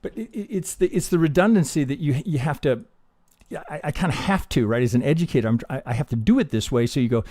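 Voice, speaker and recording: This man's voice is a little high, fast, animated and dark in tone. He teaches trading on a live stream, swearing casually and asking himself rhetorical questions while he walks through charts.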